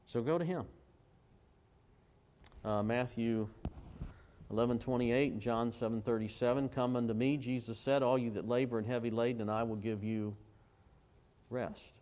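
A man's voice: mid-range voice, steady tone, darkish tone. A man preaching a sermon, quoting scripture and repeatedly asking the congregation to fill in words. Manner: call-and-response questions to the congregation; quotes scripture and recites hymn lyrics slowly. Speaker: pastor.

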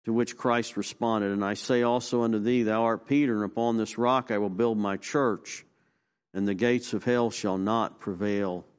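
A male pastor preaching a sermon, asking the congregation questions and rising to emphatic peaks before dropping low. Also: smooth. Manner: call-and-response questions, emphatic rises and low drops.

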